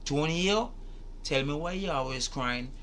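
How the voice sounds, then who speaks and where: Speaking animatedly to the camera, a man who hosts reaction videos comments on a clip, asking the same rhetorical questions again and cursing as he argues. His voice is on the high side and fairly bright, with a measured pace.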